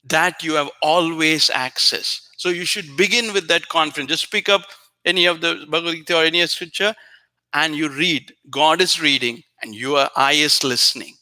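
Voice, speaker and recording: A man hosting a spiritual show, giving an earnest, repetitive teaching talk addressed straight to a viewer, now and then softly chanting phrases. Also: fairly high pitch, normal speed.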